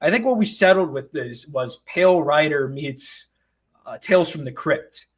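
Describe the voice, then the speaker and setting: Man, comic writer, interview guest, higher voice, animated, self-mocking storyteller. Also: moderate pace, slightly rough. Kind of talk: casual interview chat.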